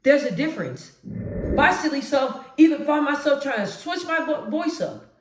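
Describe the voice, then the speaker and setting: A woman vlogging straight to camera, with a naturally deep voice she lifts a notch as she talks emphatically. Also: moderate pace, echoey room. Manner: emphatic, animated, conversational. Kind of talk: direct-to-camera monologue.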